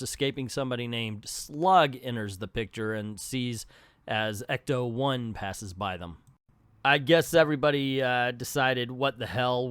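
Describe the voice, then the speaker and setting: A man's voice: medium pitch, a bit bright, clean tone, no echo. A man giving a casual, sarcastic spoken review of a comic book, with wry running commentary.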